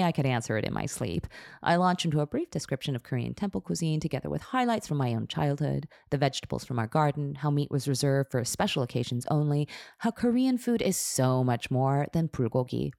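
A woman's voice: low voice, lively intonation, a little fast, vocal fry, a little mellow, dry recording. A woman podcast host reading her memoir aloud in a candid, wry, self-deprecating way, close to the mic. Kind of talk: memoir narration.

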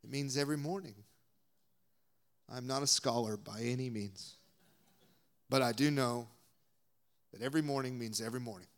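A man's voice: mid-range voice, moderate pace, pauses often. A young adult man with a Southern US accent preaching a sermon as a guest speaker, emphatic and dropping now and then to whispered asides.

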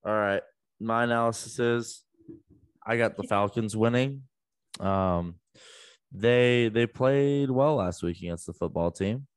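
Hesitant low-voiced man in a dry room. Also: unhurried, smooth, no echo. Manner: hesitant, trails off quietly. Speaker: co-host. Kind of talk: casual sports chat.

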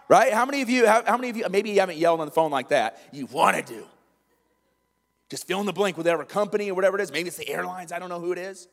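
A man's voice: on the high side, rapid-fire, long reverb tail. A man preaching a sermon as pastor, emphatic and acting out little scenes for his listeners.

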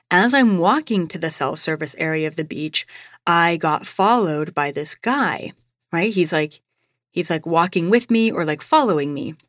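A woman's voice: fairly low pitch, no room sound, clean studio sound. Chatty young woman telling a story. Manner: chatty, lots of "like" and "you know". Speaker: podcast host. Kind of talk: personal storytelling.

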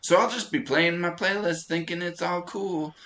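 A man co-hosting a podcast in casual chat, telling animated stories and laughing often. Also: high voice, normal speed. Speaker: podcast co-host.

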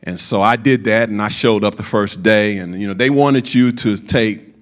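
A man preaching a sermon, slow and emphatic, with folksy asides to the congregation. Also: fairly low pitch.

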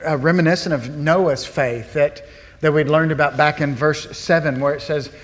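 A man's voice: a little high, fairly even intonation, moderate pace. A man preaching a sermon as a pastor, earnest and throwing rhetorical questions to his listeners. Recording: long reverb of a large hall.

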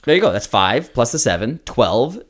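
Man, canadian, podcast co-host, jokey casual chat, lively pitch. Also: normal speed. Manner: animated, jokey and mock-declarative.

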